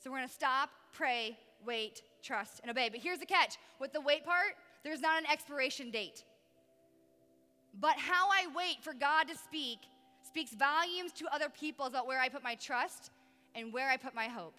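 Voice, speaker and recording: A woman youth pastor giving a lively, conversational sermon with emphatic pauses. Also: high voice, in a large hall.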